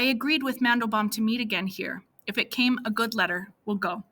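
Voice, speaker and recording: A woman narrating a first-person story for an audiobook in a plain, steady manner. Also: on the high side, a little fast, few pauses.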